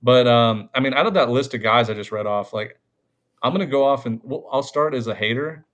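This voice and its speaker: A man's voice: mid-range voice, fairly quick, fairly bright tone. A man hosting a sports podcast, talking loosely with lots of fillers and easy laughs. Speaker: podcast host. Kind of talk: casual sports chat.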